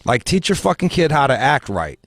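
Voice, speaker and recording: Man, talk show host, profane, animated, laughs a lot, dry close sound. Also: medium pitch, brisk, dry recording. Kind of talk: casual talk show chat.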